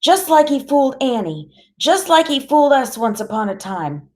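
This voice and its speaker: A woman voicing an elderly grandfather, a gruff protective ex-soldier who talks sternly and later soothingly. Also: high voice, very animated, normal speed, mellow, voice pushed up. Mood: angry. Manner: stern, then soothing and weary.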